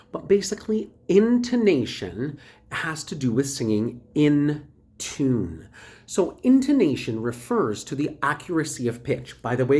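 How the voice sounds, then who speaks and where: A woman teaching a recorded voice lesson, explaining exercises and practice steps in a clear, instructive way. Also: rumbling low, a little mellow.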